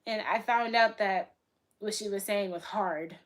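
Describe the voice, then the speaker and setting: A young woman from Boston chatting casually on a livestream, answering her chat in a blunt, profane way that swings between loud bursts and soft asides. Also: medium pitch, measured pace. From Boston, USA. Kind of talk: casual live-stream chat.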